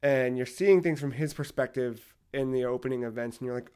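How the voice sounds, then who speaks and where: A man co-hosting a podcast, telling a long story in casual chat, rambling with lots of fillers and animated retellings. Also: mid-range voice, a little fast, hardly any pauses, clear, resonant tone. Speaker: podcast co-host.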